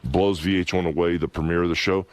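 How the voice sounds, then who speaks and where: A man's voice: sits low, steady tone, fast, no room sound. A middle-aged man, a former wrestler, telling a long personal story as a radio guest, emphatic and rambling with lots of "you know" and "anyway". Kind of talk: candid radio interview storytelling.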